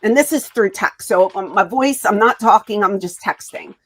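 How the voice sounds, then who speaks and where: Animated woman telling a story. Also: medium pitch, normal speed. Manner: animated, acts out quoted dialogue. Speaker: wrestling guest. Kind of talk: casual interview storytelling.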